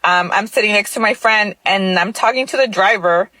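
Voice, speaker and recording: A woman's voice: medium pitch, moderate pace, pushed and bright, no room sound, poor audio. A woman in her thirties casually telling a personal story, chatty and full of filler words. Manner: chatty, lots of filler likes.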